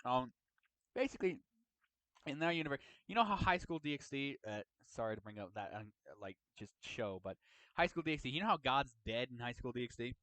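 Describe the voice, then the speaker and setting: Lively rambling man, dry close mic. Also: medium pitch, a little fast, dry recording, poor audio. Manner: rambling, tags lines with "right?". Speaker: host and storyteller. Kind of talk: casual chat about a roleplay story.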